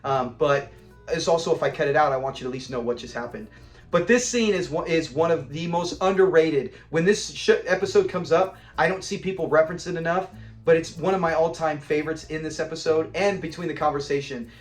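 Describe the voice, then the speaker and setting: A man casually reviewing a classic sitcom episode, animated and laughing often as he acts out scenes. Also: fairly high pitch, a little fast, roomy sound, soft background music. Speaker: show reviewer.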